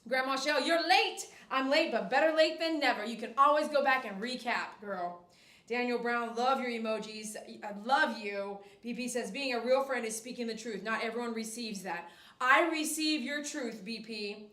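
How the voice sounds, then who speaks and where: A woman with a high voice hosts a casual livestream from her grooming shop. She reads viewer comments aloud and chats with them, now and then breaking into excited cheers. The room around her is echoey. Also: moderate pace. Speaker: dog groomer and livestream host.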